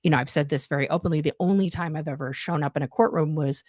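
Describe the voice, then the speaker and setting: A woman's voice: sits low, quick pace, a little mellow, no echo, clean studio sound. A young adult woman chatting as a guest on a live stream from a home setup, rambling with many fillers and restarts. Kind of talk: casual chat on a live stream. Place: home room. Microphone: budget USB mic, home setup.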